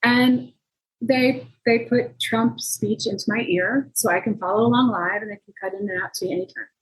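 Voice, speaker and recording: A journalist being interviewed, telling a story in a conversational way and acting out the quoted dialogue with sudden jumps in pitch. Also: female voice, animated, moderate pace, poor audio. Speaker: journalist guest.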